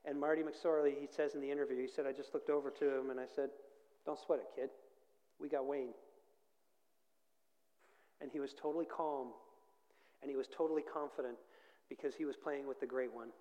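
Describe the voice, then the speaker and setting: A middle-aged man preaching a sermon as pastor, swinging from hushed, slow phrases to loud, fervent climaxes. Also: mid-range voice, fairly even intonation, dull audio. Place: large church hall. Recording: long hall reverb.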